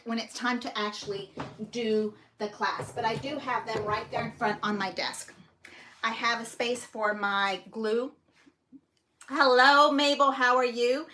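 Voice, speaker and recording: Bubbly high-voiced woman gushing over crafts. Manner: bubbly, gushing, squealing with excitement. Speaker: paper crafting channel host. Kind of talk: excited livestream chat. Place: home craft room. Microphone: phone on a stand.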